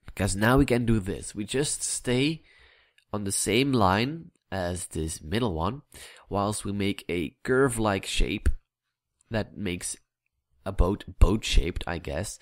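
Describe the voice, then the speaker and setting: A man's voice: low-pitched, slow, no room sound, clean studio sound. A man giving casual, rambling commentary while building in a game, muttering at himself between explanations. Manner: rambling, chatty, mutters at himself with filler words; plays with a vague put-on accent.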